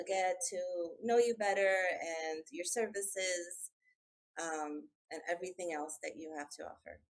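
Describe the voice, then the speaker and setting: A woman hosting a podcast interview, talking in an animated, self-interrupting way and laughing often. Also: on the low side, low-quality recording. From immigrant, schooled in English by her father. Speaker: podcast host. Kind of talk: casual interview chat.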